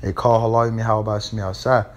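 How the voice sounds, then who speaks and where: The man's voice sits on the low side and barely moves in pitch as he gives an informal sermon. He talks bluntly in street slang with swearing, stalling on "uh," repeating himself, and ending lots of phrases with "man" or "all right?"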